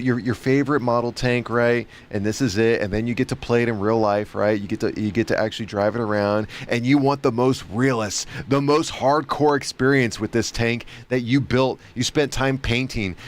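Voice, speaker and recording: Rambling man streaming games. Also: mid-range voice. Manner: rambling, repetitive, chuckling asides. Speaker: game streamer. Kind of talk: casual livestream commentary.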